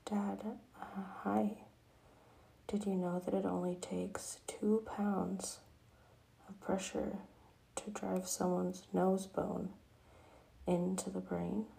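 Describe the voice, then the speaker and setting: A woman's voice: mid-range voice, little pitch movement, slow pace, vocal fry, pauses often, dark tone, a little hiss or hum. A woman doing a sly, vengeful little girl, whispered role-play.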